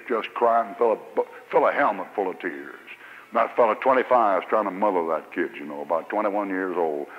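A man preaching a sermon in a church, folksy and joking, swinging between soft and loud. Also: mid-range voice. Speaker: pastor. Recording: muffled old church recording with long reverb.

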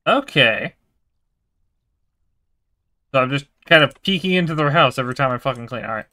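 A man's voice: medium pitch, animated, normal speed, bright, forceful tone, dry recording. A young man giving casual, swearing let's-play commentary while he plays a game. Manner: chatty, swears casually, talks to himself. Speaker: gaming video creator.

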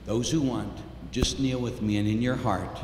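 A male priest preaching an impassioned sermon, moving from loud proclamation to hushed prayer, in a large hall. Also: mid-range voice, steady tone, normal speed, background noise. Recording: echoey hall reverb.

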